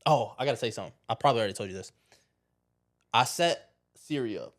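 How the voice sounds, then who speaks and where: A man from Chicago with a Chicago accent, hosting a casual podcast chat in a blunt, profane, animated way. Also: mid-range voice, fast talker. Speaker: podcast host.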